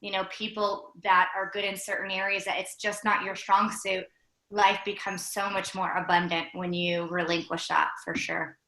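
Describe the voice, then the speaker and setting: A woman's voice: medium pitch, little pitch movement, normal speed, bright, forceful tone, roomy sound, poor audio. A woman co-hosting a casual show, talking upbeat with many "like" and "you know" fillers. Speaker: co-host. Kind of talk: casual live-show chat.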